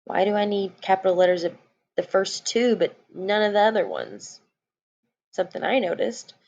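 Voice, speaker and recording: A woman's voice: mid-range voice, big pitch swings, moderate pace, vocal fry, darkish tone, highs cut off. A woman teacher giving a recorded lesson to young children, explaining patiently.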